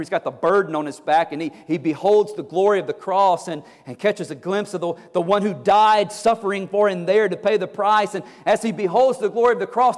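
A male pastor preaching a fervent, exhorting sermon, often repeating his words as he presses a point. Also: high-pitched. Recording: long hall reverb.

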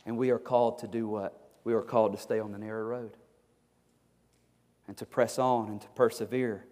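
A man's voice: on the low side, flat delivery, moderate pace, a little mellow. A male pastor preaching a fervent, exhorting sermon, often repeating his words as he presses a point. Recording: long hall reverb.

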